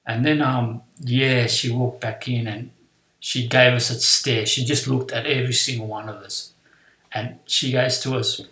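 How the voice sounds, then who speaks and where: A man's voice: mid-range voice, steady tone, normal speed, fairly bright tone, roomy sound, low-quality recording. A man telling a personal story from his school days, acting out the voices of his teacher and classmates. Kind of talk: personal anecdote.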